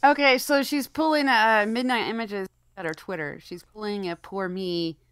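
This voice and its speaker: A woman's voice: a little high, animated, normal speed, a bit bright, smooth, no echo. A woman co-hosting a casual live stream, blunt, mocking and swearing freely. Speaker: podcast co-host.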